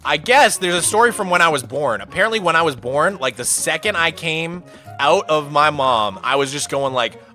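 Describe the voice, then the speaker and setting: A male streamer tells rambling, animated stories to his chat and peppers them with "dude" and "man." His voice is bright and sits a bit high. Faint game music plays behind him. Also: normal speed. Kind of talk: casual chat with viewers.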